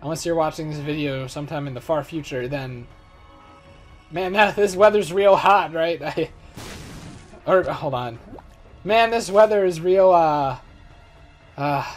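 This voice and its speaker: A man in his twenties giving casual gameplay commentary, rambling and joking at his own expense. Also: fairly high pitch. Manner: rambling, joking, self-mocking. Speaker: let's play host.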